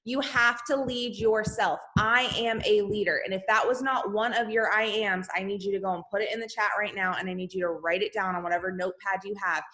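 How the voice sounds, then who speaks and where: A woman hosting a motivational team call from home on a laptop, talking emphatically and calling her listeners "y'all". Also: mid-range voice. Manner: energetic, emphatic, Southern-style "y'all" address. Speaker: host of a team video call. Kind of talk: motivational pep talk. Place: home, indoors. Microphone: laptop video call.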